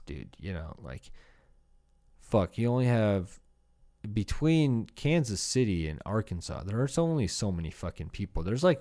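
A man's voice: low-pitched, mellow. A young man from Iowa, a comedian hosting a podcast alone, rambling through a profane comedic rant with laughing asides. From Iowa, USA.

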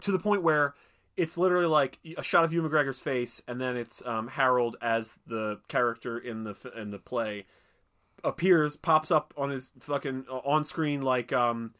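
A man's voice: medium pitch, fairly even intonation, moderate pace, sharp tone. A man co-hosting a podcast, chatting casually and profanely about a film, riffing and griping with mock voices. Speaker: podcast co-host. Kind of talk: casual chat, film review.

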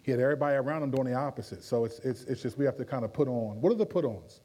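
A man, a pastor, teaching in a conversational Q&A with lively energy and frequent restarts. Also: medium pitch, very fast. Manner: animated, with frequent restarts and playful voices.

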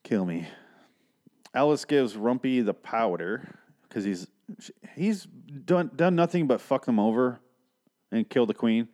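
A man's voice: mid-range voice, expressive, slow, a little mellow. A man in his thirties casually recapping a film, sarcastic and exasperated, swearing freely. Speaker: film reviewer.

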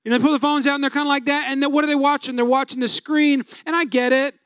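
Man, very high voice, chatty storytelling sermon, dry sound. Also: steady tone, rapid-fire, fairly bright tone, no room sound. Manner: chatty, storytelling, asks the crowd questions. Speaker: pastor.

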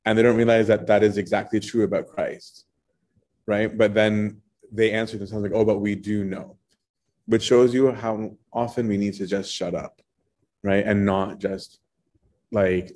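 A man with a fairly low voice walks through scripture in a relaxed, conversational way. He keeps tagging his points with a quick "right?" to check his listeners are following. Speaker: Bible teacher. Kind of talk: casual Bible study teaching.

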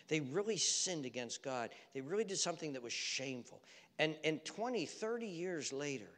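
Preacher in a reverberant hall. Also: male voice, fairly high pitch. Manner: swings from loud urgent exhortation to hushed near-whispers; repeats phrases and restarts for emphasis. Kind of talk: sermon.

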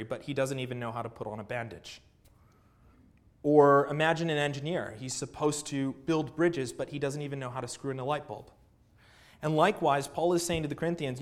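A man delivering a sermon from the pulpit, his voice sitting a little higher than most men's. He preaches earnestly, leaning on rhetorical questions and repeated phrases. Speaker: pastor.

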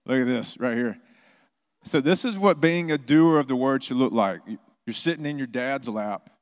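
A middle-aged man pastor giving a conversational sermon, telling personal stories with animated bursts. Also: medium pitch, moderate pace, smooth.

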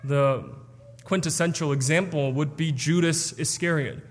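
A man's voice: fairly high pitch, measured pace, big-room sound. A man preaching an expository sermon, explaining a passage earnestly with some stumbles and restarts.

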